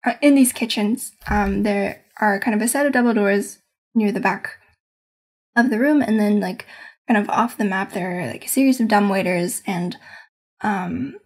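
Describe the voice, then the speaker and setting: A woman's voice: medium pitch, moderate pace. A woman game master casually recounting her tabletop session, meandering and hedging as she searches for words.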